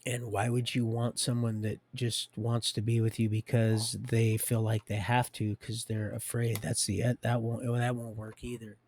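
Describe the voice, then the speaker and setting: A man's voice: medium pitch, flat delivery, measured pace, few pauses, darkish tone. A man hosting a livestream, rambling and preachy, talking straight to his viewers. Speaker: livestream host.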